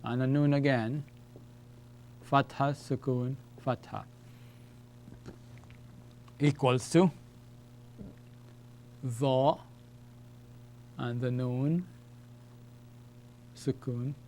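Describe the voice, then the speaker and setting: Male language teacher, slow and deliberate, repeats words, checks in with "okay?" and "all right?". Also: mid-range voice, fairly even intonation, a little mellow, a little hiss or hum. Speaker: Arabic teacher. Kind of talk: classroom lesson at a whiteboard.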